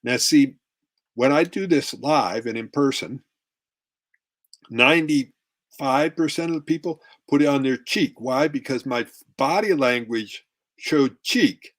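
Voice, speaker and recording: A man's voice: medium pitch, unhurried. Man coaching couples, demonstrative. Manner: demonstrative, acts out tones of voice. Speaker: relationship coach. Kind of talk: workshop talk with slides.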